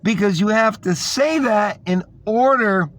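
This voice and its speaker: A man's voice: high-pitched, unhurried, fairly bright tone. A man delivering a rambling, scornful monologue, repeating himself as he tells a story. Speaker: podcast host. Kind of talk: ranting monologue.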